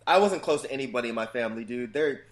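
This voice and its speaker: A man in his thirties talks casually on a podcast and tells family stories without a filter. His pitch swings up and down, and he swears often. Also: quick pace. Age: 30s. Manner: loose, profane, animated storytelling. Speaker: podcast guest. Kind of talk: casual chat.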